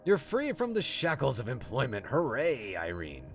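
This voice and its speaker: A man's voice: medium pitch, huge pitch swings, normal speed, slight background noise. A man streaming a video game, chatting casually and answering his chat as he plays. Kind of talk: casual gameplay commentary.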